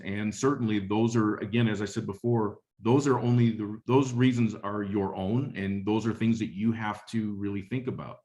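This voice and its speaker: A man's voice: fairly low pitch, darkish tone. A middle-aged man giving a webinar talk on leadership, telling a story in a conversational way and often repeating phrases. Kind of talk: motivational talk with anecdote.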